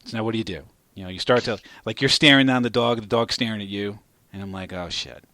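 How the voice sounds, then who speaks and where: A man hosting a podcast, telling a story in a casual, profane and animated way. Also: lowish voice, fast talker, dry recording. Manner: profane, animated storyteller who gets loud at climaxes. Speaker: podcast host.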